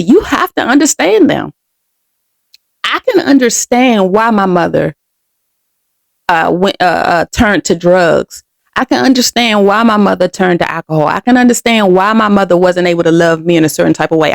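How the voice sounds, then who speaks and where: A young woman hosts her own podcast and tells a painful story from her life. She talks candidly and with feeling, turning often to her listeners. Her voice is gravelly and sits mid-range, recorded dry and close. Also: medium pitch, dry recording. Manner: candid, emotional, addresses listeners directly. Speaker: podcast host. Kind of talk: personal storytelling.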